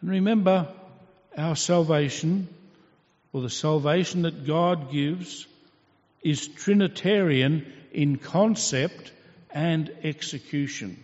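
Slow-speaking male preacher in a hall. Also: on the high side, a little mellow. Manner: slow, teaching, rhetorical questions. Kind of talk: sermon. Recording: dull reverberant hall recording.

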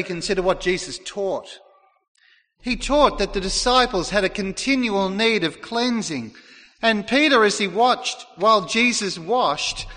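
A man's voice: high voice, bright, forceful tone. A man preaching a sermon in a church, earnest, sometimes acting out the words of people in his text. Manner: earnest preaching, acts out quoted lines. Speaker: pastor. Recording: long hall reverb.

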